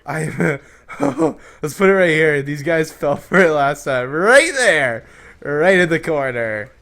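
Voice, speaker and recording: A man hosting a comedic advice vlog and shouting hyped gameplay commentary, brash and crude with constant jokes. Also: fairly high pitch, very animated, slow pace, creaky. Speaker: YouTube host.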